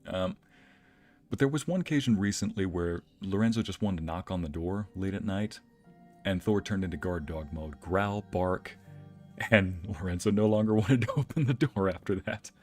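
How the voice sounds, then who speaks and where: A young adult man chatting on a live stream in a very deep voice. He tells casual stories with animation and laughs often. Soft music plays faintly in the background. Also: moderate pace. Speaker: streamer and narrator. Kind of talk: casual storytelling chat.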